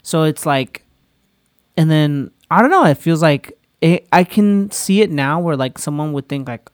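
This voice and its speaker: A man in casual podcast chat, searching for words and restarting often. His voice is fairly high for a man and the recording is dry and close. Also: expressive, a little slow, dry recording. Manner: hesitant, full of "like" and restarts. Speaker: podcast co-host.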